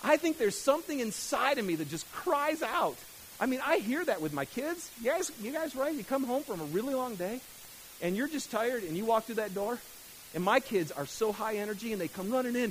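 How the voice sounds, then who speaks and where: High-voiced, emphatic man preaching. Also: animated, normal speed, rough recording. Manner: emphatic, swings from loud outbursts to hushed lines. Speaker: pastor. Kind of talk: sermon. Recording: faint hiss.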